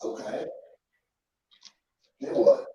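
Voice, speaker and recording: A man's voice: extremely slow, warm tone, muffled recording. A man hosting a casual livestream from a sparse room at home, telling rambling stories and joking, laughing often. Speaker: livestream host. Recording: echoey room.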